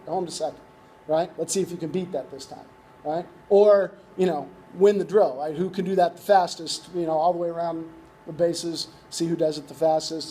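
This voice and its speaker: With a warm voice that sits high, a man talks through a youth baseball coaching workshop. He's conversational and keeps tossing in "right?" to check on his listeners.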